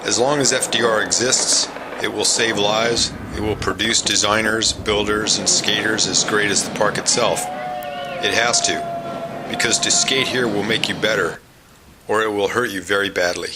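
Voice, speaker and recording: A man reading scripted documentary narration in an even, measured way. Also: fairly low pitch, noisy background. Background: loud guitar music.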